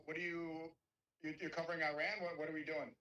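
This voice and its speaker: A man joining as a guest streamer in casual call chat, quick and halting and repeating his words. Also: on the high side, level tone, bright, forceful tone. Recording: distant roomy call audio.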